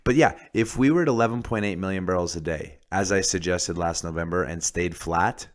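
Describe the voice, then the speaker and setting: A man with a very low voice talking on a casual podcast. He is blunt and swears freely, running on with fillers and quick restarts. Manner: blunt, profane, fast-talking with many "like"s and restarts. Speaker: podcast host, oil industry commentator.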